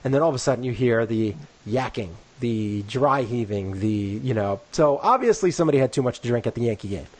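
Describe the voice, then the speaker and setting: A man's voice: medium pitch, fairly quick, hardly any pauses. A man co-hosting a casual podcast, telling a long story in a rambling way full of "like" and "you know," and acting out the people he quotes. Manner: acts out quoted people in lively voices. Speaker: podcast co-host.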